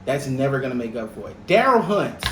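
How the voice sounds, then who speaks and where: A man's voice: mid-range voice, big pitch swings, fairly quick, a bit bright, echoey room, a little hiss or hum, low-quality recording. A young man co-hosting a podcast, talking in a heated, emphatic and profane way. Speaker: podcast co-host. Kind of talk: casual podcast chat.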